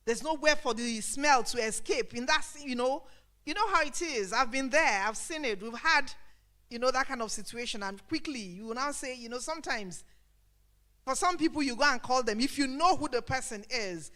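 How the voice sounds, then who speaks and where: Lady, pretty high voice, talking office manners at a career event, candid and a bit funny. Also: moderate pace, bright, forceful tone. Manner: conversational, frank and humorous. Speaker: career seminar speaker. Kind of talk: workplace etiquette talk.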